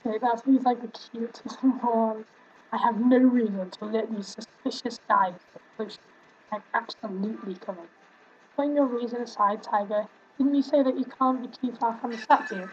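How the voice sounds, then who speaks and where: With a steady, highish voice at normal speed, a young woman streams a game and reads its on-screen text aloud between chatty, giggly, affectionate asides. Her home setup gives slightly muffled sound with a little hiss or hum.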